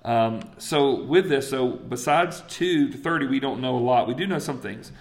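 A man's voice: mid-range voice, normal speed. A man preaching a sermon in a casual, conversational way, acting out voices and checking in with the congregation. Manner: conversational and animated, acts out voices, asks the crowd "right?". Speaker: pastor.

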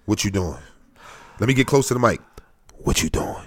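A young man co-hosting a casual podcast, slangy and animated, acting out scenarios in different voices. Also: fairly low pitch, moderate pace. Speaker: podcast co-host.

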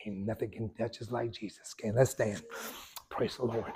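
Husky-voiced preacher man. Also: fairly low pitch, fairly even intonation, normal speed. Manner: emphatic storytelling preaching with sudden loud surges and hushed drops. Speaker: pastor. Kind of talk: sermon.

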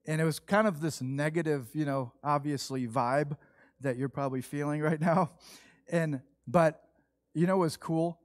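A middle-aged man preaching a sermon, telling a lively personal story and acting out what people said. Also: mid-range voice, no echo. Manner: animated storytelling, acts out quoted voices. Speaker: pastor.

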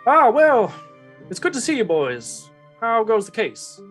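A man voicing a fatherly older police chief with a Southern US accent and a booming, stammering drawl. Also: huge pitch swings, unhurried, a bit bright, soft background music, exaggerated voice. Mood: genial.

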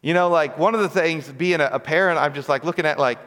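A man's voice: on the high side, fast talker, fairly bright tone. A man preaching a sermon as pastor, talking conversationally with frequent rhetorical questions and asides. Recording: long reverb of a large hall.

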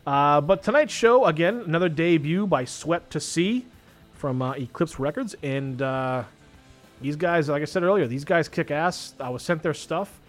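A man's voice: on the high side, lively intonation, normal speed, faint music behind. A man hosting a radio show in a studio, chatting casually with lots of laughing and swearing. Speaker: radio host.

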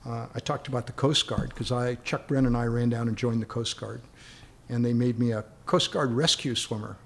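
Gravelly man spinning a rambling anecdote. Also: medium pitch, steady tone, a little fast, fairly bright tone. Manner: rambling, repeats words when starting. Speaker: guest storyteller. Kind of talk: casual anecdote telling.

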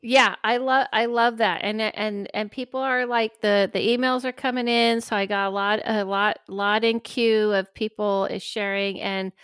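A woman's voice: medium pitch, moderate pace, hardly any pauses, clean tone, no echo. A middle-aged woman hosting a podcast, chatting casually and animatedly, acting out the voices in her stories. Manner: animated storyteller who acts out quoted voices. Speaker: podcast host and medium.

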